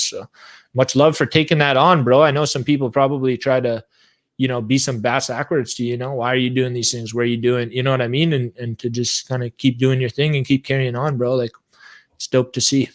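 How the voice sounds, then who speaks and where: A man co-hosting a casual podcast, telling a funny road-trip story in a laid-back way, laughing often and calling his friends bro. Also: medium pitch. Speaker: podcast co-host.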